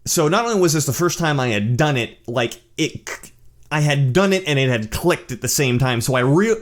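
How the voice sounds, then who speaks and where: A man hosting his own channel, telling a personal story in a casual monologue, animated and blunt, swearing and often restarting his sentences. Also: a little high, moderate pace. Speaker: channel host.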